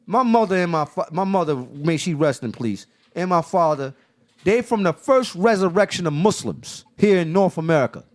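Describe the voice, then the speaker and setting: High-ish guy hosting a chat, animated storyteller, keeps restarting and acting out what people said. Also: normal speed. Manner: animated, acts out quoted dialogue with restarts. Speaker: podcast host. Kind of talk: casual discussion.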